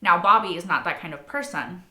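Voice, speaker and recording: A young woman talks casually about a show she has just watched. She fills her talk with likes and rights and swears freely. Her voice has a bright, forward tone, and it rings in an echoey room. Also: on the low side, a little fast. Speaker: reaction video host. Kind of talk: casual spoken commentary.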